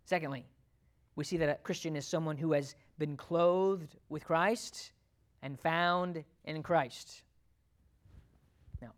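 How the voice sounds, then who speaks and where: A woman preaching a sermon. She repeats her key points, asks the congregation questions, and swings between loud and quiet delivery. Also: fairly low pitch.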